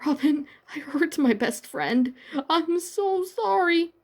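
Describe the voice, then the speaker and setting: A woman voicing a guarded, quick-tempered teen girl sorceress with a stern, snapping manner in a fan-fiction reading. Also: high-pitched, animated, pitched above the performer's own voice, heavily acted. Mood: remorseful.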